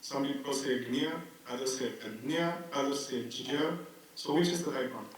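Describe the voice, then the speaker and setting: A man's voice: mid-range voice, fast talker. A man from Maharashtra, asking a question politely and a bit hesitantly over a video call. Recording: distant, echoey call with faint hiss.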